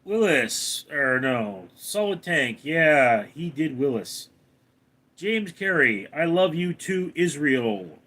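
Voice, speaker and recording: A man's voice: very animated, slow pace. A man live streaming from home, reading viewer names aloud and answering them in a casual chat. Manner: reads viewer names out loud, then answers in a lower voice.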